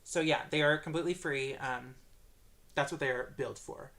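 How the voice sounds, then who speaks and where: A man's voice: a little high, moderate pace, bright, forceful tone. A man answering viewer questions on a livestream Q&A, hesitant and full of filler sounds.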